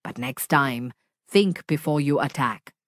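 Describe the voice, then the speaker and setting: A woman voicing a big, kind alien monster with a deep, dark, booming voice, speaking in a stern but gentle way in a storybook reading. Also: unhurried, no echo, studio quality.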